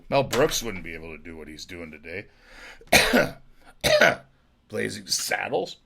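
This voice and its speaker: A drunk man from western Canada hosts his own talk show, rambling loosely from one profane story to the next. His voice sits low with a gravelly edge, yet sounds bright, and his pitch swings widely as he goes. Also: lively intonation, fairly quick. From Alberta, Canada. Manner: rambling, profane, laughing asides. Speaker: podcast host.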